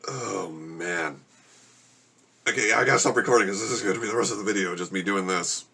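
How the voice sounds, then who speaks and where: A man's voice: fairly low pitch, rapid-fire, bright, forceful tone, husky. Man groaning through spicy food. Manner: groaning and complaining while eating spicy food. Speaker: vlogger. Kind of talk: casual vlog to camera. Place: home room with a gecko habitat.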